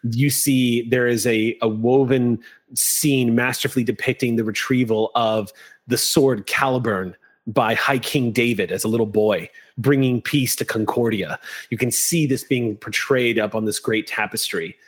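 A man running a tabletop game, narrating scenes in long, descriptive stretches peppered with likes and ums. His voice is mid-pitched and ordinary. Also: steady tone, unhurried, breathy edge. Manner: descriptive, with fillers. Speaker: game master.

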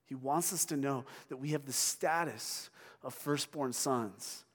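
A middle-aged man preaching a sermon as pastor, telling a personal story with halting restarts and sounding tearful. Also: mid-range voice, fairly bright tone. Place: church sanctuary. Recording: long hall reverb.

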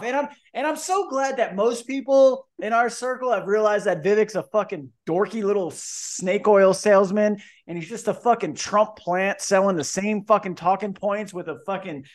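High-voiced man ranting with profanity. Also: moderate pace, hardly any pauses. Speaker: podcast host. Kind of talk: casual chat.

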